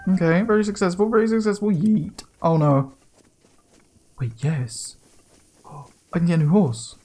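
A young man commenting on his gameplay casually, excitable and swearing, often yelling in surprise. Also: high-pitched, measured pace, a little hiss or hum. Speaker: let's play gamer.

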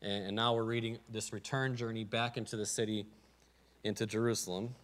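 A man's voice: lowish voice, little pitch movement, brisk. A man with a Midwestern American accent, a pastor preaching a sermon in a casual, conversational way and often repeating words as he starts a phrase.

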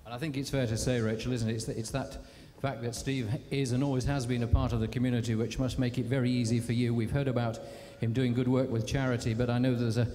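A man's voice: mid-range voice, level tone, fast talker, few pauses, mellow, faint music behind. A man hosting a live tribute evening, introducing guests and asking them conversational, leading questions. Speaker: event host. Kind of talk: live event presenting and interviewing. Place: large civic hall, live event. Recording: long hall reverb, faint background noise.

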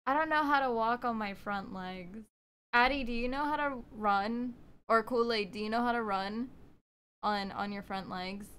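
A woman's voice: fairly high pitch, normal speed, a bit bright. A young woman streaming a game live, chatting to her viewers in a bubbly, talkative way. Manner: bubbly, chatty, talks to viewers while playing, frequent gasps and laughs. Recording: noisy stream audio.

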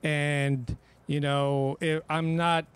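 A man who works as a DJ, talking as a guest on a casual podcast, telling stories in an animated way, full of restarts and swearing. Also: a little high, drawn-out words, clear, resonant tone. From Bay Area. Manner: animated, profane storytelling with many restarts.

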